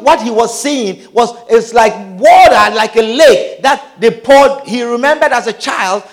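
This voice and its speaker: A high-pitched man gives a dramatic personal testimony, his voice swinging between hushed tones and shouting.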